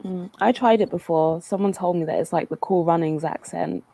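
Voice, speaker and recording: A woman's voice: on the low side, brisk, gravelly, dark tone. A woman guest in a casual chat, speaking in a matter-of-fact way.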